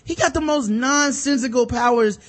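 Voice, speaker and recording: Man with a high voice, casual chat, animated, profane, ranting. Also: moderate pace. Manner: animated, profane, mimics characters in rants. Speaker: podcast co-host.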